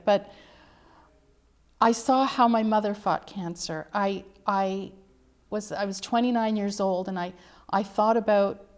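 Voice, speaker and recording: A middle-aged woman, an author being interviewed, telling her family's story in an earnest, emphatic way. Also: mid-range voice. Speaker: author guest. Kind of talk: interview conversation.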